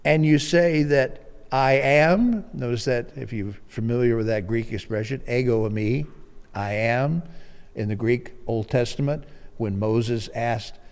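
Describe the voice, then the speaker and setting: A man's voice: mid-range voice, unhurried, a little mellow, smooth, big-room sound. A man preaching a sermon, explaining scripture verse by verse and acting out the quoted voices with rising emphasis.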